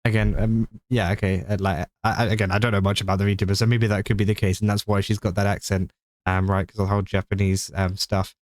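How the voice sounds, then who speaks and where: A man's voice: fairly low pitch, level tone, fast talker, dry recording. A young British man casually commenting on clips, rambling with lots of fillers and restarts.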